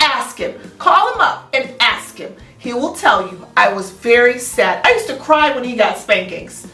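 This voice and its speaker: A high-voiced woman teaching children's Sabbath school, her pitch bouncing all over as she chats and teases. She sounds a bit far from the mic in a roomy church space. Soft music plays underneath. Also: normal speed, few pauses. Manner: playful, teasing, animated. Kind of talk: casual chat with a child. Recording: echoey room, distant mic, soft music.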